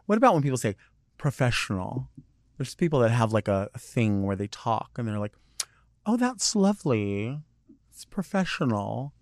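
A man's voice: mid-range voice, expressive, a little fast, no echo, clean studio sound. A man hosting a podcast alone, chatting in a rambling, digressive way full of fillers. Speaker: podcast host. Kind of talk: casual solo monologue.

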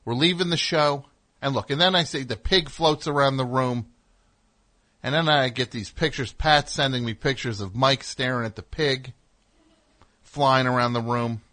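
A man's voice: medium pitch, a bit bright. A man hosting a radio show, telling a story in a casual, rambling way with wry asides in the studio.

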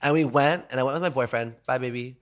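A man hosting a podcast in casual, jokey, animated chat, swearing freely. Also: medium pitch, fast talker. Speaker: podcast host.

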